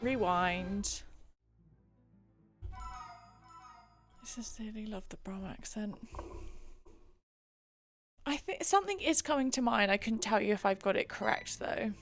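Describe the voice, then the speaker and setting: A woman's voice: mid-range voice, expressive, takes it slowly, pauses often, soft background music. A young woman from England chatting casually on a live stream, giggly and reading chat aloud into a desk mic. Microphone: desk mic she keeps bumping.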